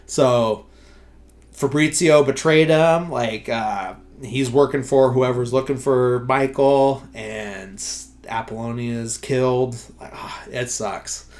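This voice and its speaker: A man's voice: mid-range voice, fairly even intonation, slow pace. A man hosting a podcast, casually recapping a film scene by scene, with lots of "uh" and "like". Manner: rambling, filler-heavy, many "like" and "uh". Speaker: podcast host.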